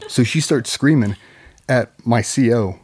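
A man's voice: medium pitch, a little slow, a little mellow, husky. A man, a former Navy SEAL guest on a podcast, telling a long story in a rambling, profane, casual way.

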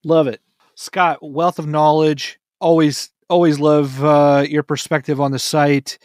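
A man's voice: on the high side, flat delivery, darkish tone, dry recording, clean studio sound. A man hosting a casual sports podcast, jokey and upbeat. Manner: jokey, upbeat, quick laughs. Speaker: podcast host.

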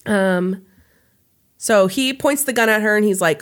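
A woman hosts a podcast and reads a story aloud in a relaxed, chatty way. She stops now and then for a laugh or a quick aside about the details. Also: medium pitch. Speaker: podcast host. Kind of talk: casual storytelling chat.

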